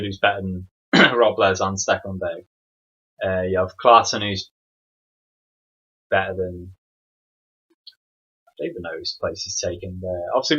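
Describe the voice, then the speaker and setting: A young man talks through his opinions in a rambling, loose way, full of ums and asides. His voice sits fairly low and sounds husky. The recording is dull and lo-fi, like a simple home setup. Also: fairly bright tone. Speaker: podcast host. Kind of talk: casual solo football podcast.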